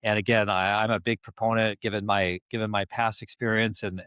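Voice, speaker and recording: A man's voice: lowish voice, level tone, fairly quick, fairly bright tone, smooth, no echo, studio quality. A man hosting a podcast, asking rambling questions and summing up the talk with frequent restarts. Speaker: podcast host. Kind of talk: casual podcast interview.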